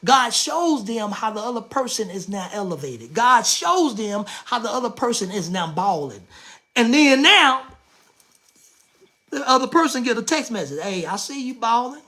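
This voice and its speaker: A woman preaching a sermon as bishop, animated and emphatic, repeating phrases, asking herself questions and breaking into shouts. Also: a little high, normal speed. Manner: playful rhetorical questions answered aloud.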